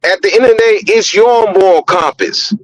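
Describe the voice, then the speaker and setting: Blunt high-voiced man ranting on a podcast. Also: normal speed, no echo, poor audio. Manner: blunt, profane, repeats words when heated. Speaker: podcast host. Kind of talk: opinionated podcast commentary.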